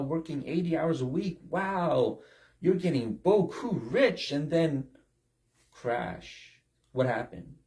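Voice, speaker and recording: A man preaching a sermon, stressing his points with repeated rhetorical questions. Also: on the high side. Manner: emphatic, repetitive rhetorical questions.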